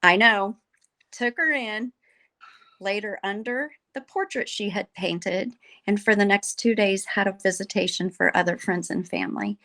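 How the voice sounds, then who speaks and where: A woman speaks in a podcast conversation with earnest feeling. Her voice sits at a middle pitch, and she tells a story in an animated way, slipping into the voices of the people she quotes. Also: unhurried. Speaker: guest.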